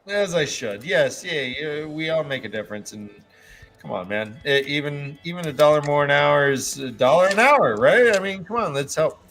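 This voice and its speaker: A man's voice: a little high, lively intonation, moderate pace, a bit bright, soft background music. A man hosting a casual book discussion show, recapping chapters in a joking, rambling way and swearing casually. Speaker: podcast host summarizing chapters.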